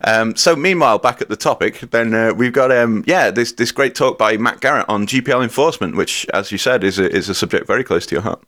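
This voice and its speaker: Low-voiced British man, easygoing. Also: quick pace, hardly any pauses, a bit bright. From Britain. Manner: easygoing, hesitant with ums. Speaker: podcast co-host. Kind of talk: casual chat.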